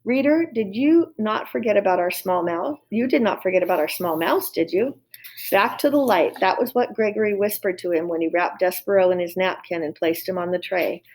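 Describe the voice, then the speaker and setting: A woman's voice: mid-range voice, fairly quick, darkish tone. Woman reading a children's novel aloud. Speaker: reader.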